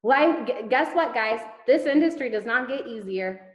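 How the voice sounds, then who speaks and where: Her voice a little high and her intonation lively, a woman at a moderate pace delivers an emphatic motivational talk to her network marketing team by video call. Rhetorical questions, repetition and casual swearing fill it, and the recording is reverberant and muffled.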